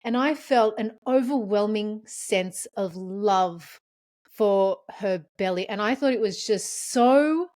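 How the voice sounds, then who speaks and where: A woman hosting a podcast talks openly about her own experiences. Her storytelling is emotional and animated. She speaks at a middle pitch in easy, casual conversation. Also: takes it slowly. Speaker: podcast host.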